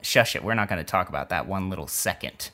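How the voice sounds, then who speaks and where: A man's voice: low voice, animated, fast, bright, forceful tone. A young man co-hosting a casual podcast, teasing and self-deprecating as he runs a game. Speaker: podcast co-host.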